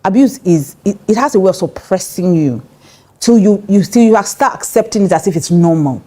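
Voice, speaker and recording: A woman's voice: medium pitch, animated, moderate pace, warm tone. A middle-aged woman pastor with a Nigerian English accent giving a conversational marriage teaching, direct and emphatic, laughing often.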